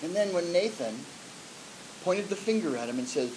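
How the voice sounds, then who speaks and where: A man's voice: high voice, lively intonation, normal speed, background noise. A man preaching a sermon in a conversational way, with frequent fillers and restarts. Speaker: pastor.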